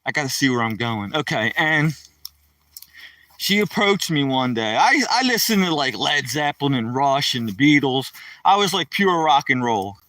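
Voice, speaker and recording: A man chats with his live-stream viewers as he walks through the woods, rambling through a story. His voice is bright and a touch high, and it sounds dry and a bit distant from the phone mic. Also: sing-song, moderate pace, no echo. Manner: rambling, chatty, addresses viewers by name. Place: outdoors walking through woods.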